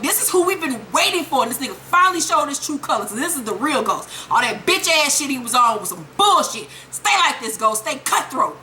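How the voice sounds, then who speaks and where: Woman vlogger, profane TV recap, acts out characters, high bright voice. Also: slight background noise. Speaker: TV episode reviewer. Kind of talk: casual episode recap.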